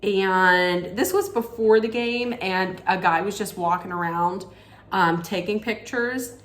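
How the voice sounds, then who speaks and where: A woman vlogger telling a casual story, animated and excitable, laughing often. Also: medium pitch, takes it slowly, roomy sound.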